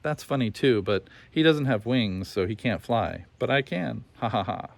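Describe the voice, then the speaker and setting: A man's voice: mid-range voice, lively intonation, moderate pace, vocal fry, no echo. A man voicing a boastful male kookaburra that laughs at everything, in a storybook reading. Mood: smug. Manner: laughing, know-it-all.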